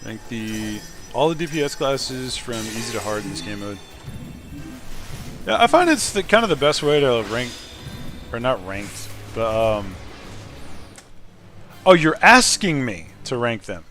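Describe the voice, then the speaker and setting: A man streaming a video game, chatting casually and swinging between loud outbursts and quiet muttering. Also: mid-range voice, sing-song, a little slow, pauses often, over music. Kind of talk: casual gaming stream chat.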